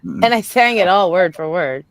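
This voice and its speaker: A woman's voice: on the low side, lively intonation, moderate pace, no echo. A woman co-hosting a livestream, chatting playfully and telling stories. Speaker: co-host. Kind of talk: casual chat on a livestream.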